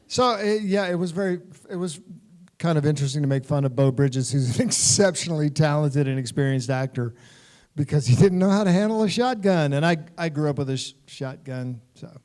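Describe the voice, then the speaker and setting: A middle-aged man from the United States talks on a convention stage, a touch higher in pitch than most men. He tells stories with animation and keeps breaking into laughter as he goes. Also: normal speed. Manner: animated anecdotal storytelling, laughing often. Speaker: guest actor.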